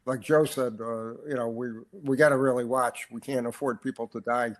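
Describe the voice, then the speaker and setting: A man's voice: mid-range voice, steady tone, moderate pace. Casual man hosting a sports podcast. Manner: conversational, reacts with short interjections. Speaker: podcast host. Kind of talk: casual interview chat.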